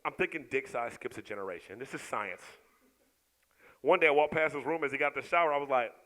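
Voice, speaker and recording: A middle-aged man doing a stand-up comedy set, who bursts into loud shouts when he acts out scenes. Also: medium pitch, quick pace, low-quality recording.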